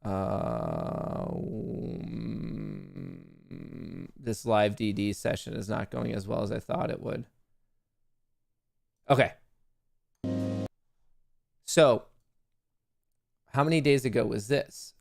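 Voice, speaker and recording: A man's voice: fairly low pitch, very animated, slow pace, vocal fry, pauses often, dry recording, clean studio sound. A man hosting a live stock market stream, chatting in a joking, rambling, self-mocking way.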